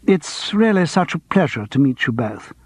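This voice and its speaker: A gushing, theatrical actress, voiced by a male narrator, cooing in a raised voice and drawing out her words slowly and tragically. She speaks in an audiobook reading. The sound is close and husky. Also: on the high side, big pitch swings, dry recording, voice pushed up. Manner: cooing, drawn-out, calls everyone darling.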